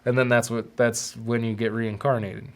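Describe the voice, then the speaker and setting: A man's voice: mid-range voice, flat delivery. A man hosting a podcast, speaking in a confessional personal monologue. He halts often and repeats words as he searches for what to say. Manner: halting, repeats words while searching for them. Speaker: podcast host.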